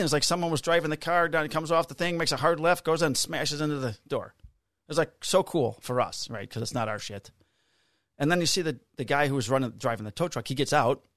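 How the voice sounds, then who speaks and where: A man's voice: fairly high pitch, a bit bright, no echo, clean studio sound. A middle-aged man on a podcast, casually telling a work story, swearing freely and acting out the people he quotes in a raised voice. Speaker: podcast co-host, police officer.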